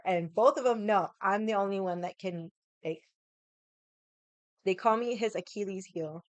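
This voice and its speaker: A woman vlogger telling a story in a casual, animated way, swearing a lot and using lots of "like" fillers. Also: mid-range voice, unhurried, pauses often, no room sound. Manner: animated, heated retelling.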